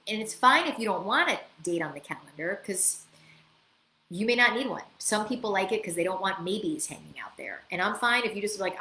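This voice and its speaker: A woman hosting a live coaching Q&A, chatty and lively, acting out bits of client dialogue as she answers questions. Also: mid-range voice, fairly quick. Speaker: business coach and show host. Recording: echoey room with faint ambient noise.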